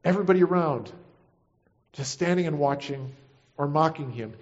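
A man's voice: on the high side, moderate pace, muffled recording. A man preaching a sermon, retelling scripture and acting out the quoted voices with feeling. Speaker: pastor.

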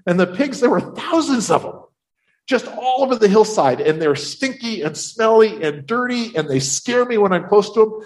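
Speaking in character and in the first person, a man with a high voice tells a Bible story at a moderate pace. His delivery is animated and breathless, with frequent restarts.

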